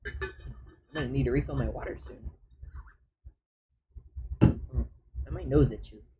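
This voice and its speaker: A man's voice: medium pitch, takes it slowly, very noisy. A man chatting on a live stream as he draws, often muttering his steps to himself as he works. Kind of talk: casual live-stream chat while drawing.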